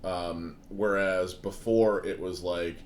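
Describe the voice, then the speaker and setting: A man's voice: low voice, steady tone, slow pace, slight background noise. A tired man co-hosting a casual tabletop gaming chat, explaining his points step by step in a laid-back way. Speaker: co-host.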